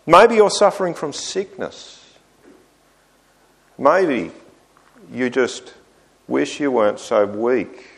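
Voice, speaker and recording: A man preaching a sermon, voicing the psalmist's complaints with lively rises. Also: medium pitch, takes it slowly, vocal fry, long pauses.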